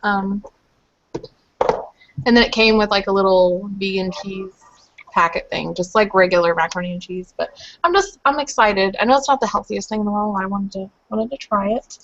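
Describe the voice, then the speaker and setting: A woman's voice: mid-range voice, moderate pace, fairly bright tone. Woman, group call guest, chatty and rambling, muffled webcam sound. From Louisville, Kentucky. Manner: chatty, rambling with many fillers. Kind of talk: casual chat.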